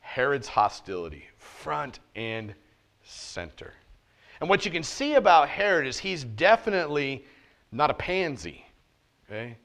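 Man preaching with loud-to-soft swings. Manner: swings between loud emphasis and soft, low asides; casual, joking street talk mixed with preaching. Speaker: pastor. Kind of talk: sermon. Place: church service.

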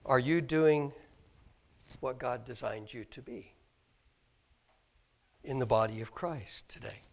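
A man's voice: mid-range voice, slow pace, creaky. A man with a Midwestern American accent preaching a sermon in a church, earnest, full of questions, sometimes tripping over and repeating his words. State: choked up with emotion. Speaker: pastor. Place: church sanctuary.

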